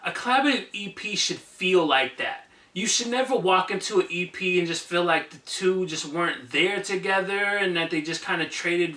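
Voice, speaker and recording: A man with a high, bright, forceful voice reviews an album for his channel, enthusiastic and conversational with some filler words. He sounds a bit off-mic and distant, in an echoey room.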